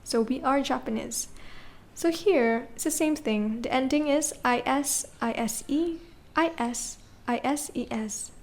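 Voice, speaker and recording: Patient woman teaching French, slightly high voice. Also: a little slow. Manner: patient, spells words letter by letter, checks with "okay?" and "right?". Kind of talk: classroom lesson explaining grammar.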